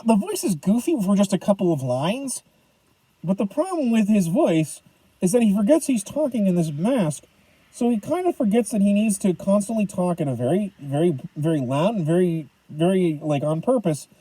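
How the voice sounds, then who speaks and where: A man co-hosting a film podcast talks in a rambling, animated way, full of fillers and restarts. His voice sits high and swoops around a lot. The sound is dry and close. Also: moderate pace, breathy edge, no room sound, poor audio. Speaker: podcast co-host. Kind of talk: casual film review chat.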